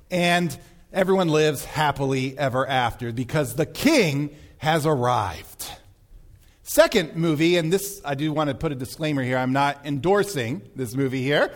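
A man preaching a sermon as pastor, telling stories animatedly and acting out film scenes. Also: a little high.

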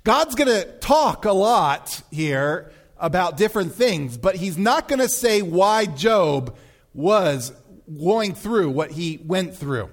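A male pastor preaches with a high voice that swings widely in pitch. He tells stories in an animated way and slips into acting out the scenes he describes. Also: slow. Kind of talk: sermon.

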